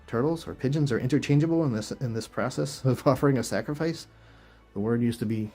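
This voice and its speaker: A man's voice: mid-range voice, quick pace, warm tone, faint music behind. A man hosting a video, reading verses aloud and reacting with incredulous, chuckling rhetorical questions in casual commentary. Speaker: video host.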